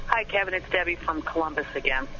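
A woman's voice: deep voice, fast talker, pushed and bright, a little hiss or hum. A woman calling in to a radio show, speaking hesitantly with many fillers. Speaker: caller. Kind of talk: call-in radio chat. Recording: tinny phone line on radio.

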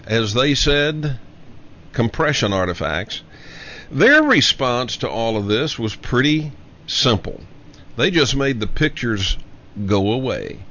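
A man delivers an emphatic solo commentary as host of his own show. He slows down to repeat his main points for weight. His voice sits at an ordinary pitch, and the recording sounds a little dull and lo-fi. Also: sharp tone. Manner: emphatic, repeats key lines slowly for effect. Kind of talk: monologue commentary. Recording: dull lo-fi audio.

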